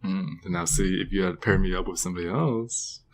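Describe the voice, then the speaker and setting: A man's voice: low-pitched, a little fast, dry recording. A young man co-hosting a casual podcast, hedging his claims and playfully protesting. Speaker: podcast co-host.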